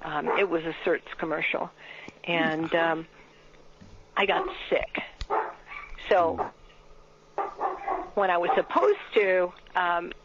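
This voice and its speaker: A woman's voice: on the low side, takes it slowly, pauses often, background noise. An older woman, an actress, telling a rambling anecdote with restarts and laughs in an interview. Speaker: actress guest. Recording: dull lo-fi audio.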